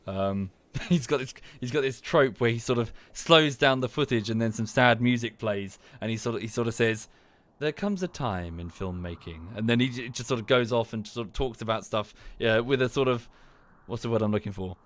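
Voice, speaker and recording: A man's voice: medium pitch, brisk, hardly any pauses, a bit bright, no room sound. A man, streaming from home and ranting about a TV series in a casual, rambling way, swearing, trailing off and restarting his sentences. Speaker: livestreamer. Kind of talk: casual livestream rant.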